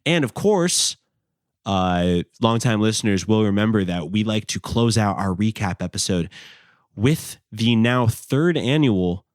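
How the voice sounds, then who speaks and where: A young man hosts a podcast in a very low voice, talking casually and rambling with plenty of fillers and the odd curse word. The sound is close and dry, with no room to it. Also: expressive, measured pace, dry recording. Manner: rambling, lots of "like" and "you know", casual swearing. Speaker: podcast host.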